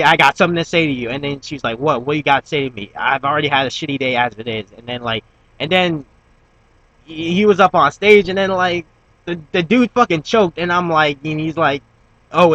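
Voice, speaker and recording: A man's voice: a little high, sharp tone, no room sound, rough recording. A young man giving a casual, rambling review of a TV episode. He fills his talk with fillers and restarts and swears when he gets worked up. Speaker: YouTube TV reviewer.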